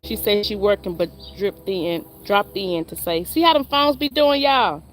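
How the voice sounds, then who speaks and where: A woman's voice: medium pitch, normal speed. A woman, chatting and laughing with viewers on a casual live stream. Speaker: livestream host.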